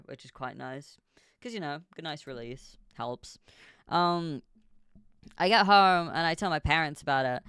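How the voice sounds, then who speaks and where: Young adult streamer, casual rambling chat, smooth clear voice, dry close sound. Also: medium pitch, fairly bright tone, no room sound. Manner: rambling storytelling full of fillers and swearing.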